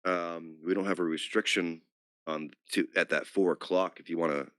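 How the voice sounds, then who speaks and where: A man with a very low voice talks with his gaming group in an upbeat, easygoing way. The sound is dry and close. He sounds relaxed while he plans the sessions. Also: normal speed, dry recording. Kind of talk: casual chat between players.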